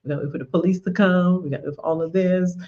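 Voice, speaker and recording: A woman's voice: on the low side, fairly even intonation, fast, darkish tone. Candid woman teaching faith, lo-fi audio. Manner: repeats words, frequent "you know" fillers, candid. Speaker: women's ministry teacher. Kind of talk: conversational faith teaching with personal stories.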